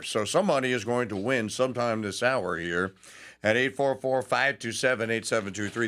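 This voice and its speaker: A man's voice: mid-range voice, a bit bright, smooth. A man from Louisiana hosting a talk radio show, delivering a folksy, joking monologue with mocking asides.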